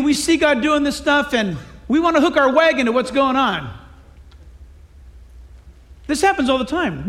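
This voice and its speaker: A man preaching a sermon, animated and dramatic as he retells a Bible story and acts out its characters. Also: extremely high pitch. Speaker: pastor.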